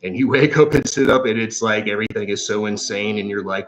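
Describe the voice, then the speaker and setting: A man's voice: on the low side, fairly even intonation, fairly quick, hardly any pauses, muffled recording. A man telling a long rambling story on a livestream, swearing often and full of fillers. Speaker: psychic livestream host. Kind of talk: casual storytelling monologue. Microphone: livestream microphone.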